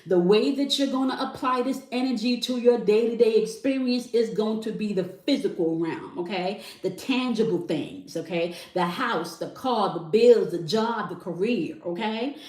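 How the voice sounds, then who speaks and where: A woman's voice: medium pitch, normal speed, hardly any pauses, darkish tone. A woman hosting a spiritual tarot channel, teaching in a monologue and checking in with "okay?" after almost every phrase. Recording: echoey room, somewhat far from mic.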